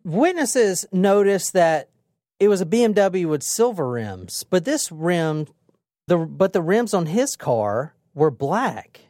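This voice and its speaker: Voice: mid-range voice, slow pace, dry recording, studio quality. A podcast co-host retelling a true crime case in a casual, dramatic way, with frequent swearing. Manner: animated, profane, dramatic retelling.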